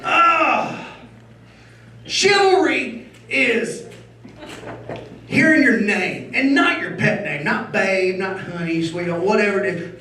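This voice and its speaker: Brash stand-up, high and lively, recorded roomy and off-mic. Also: male voice, slight background noise. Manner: loud, rowdy, crowd-baiting, crude. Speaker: stand-up comedian. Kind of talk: stand-up comedy set. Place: comedy club stage. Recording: roomy club sound from a distance.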